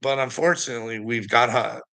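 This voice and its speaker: Man with a gravelly, tense voice, telling a story to a friend off the cuff; swears constantly, breaks into laughter. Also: mid-range voice, brisk, sharp tone. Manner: profane, rambling, laughs often mid-sentence. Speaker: vlogger. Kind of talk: casual monologue to a friend.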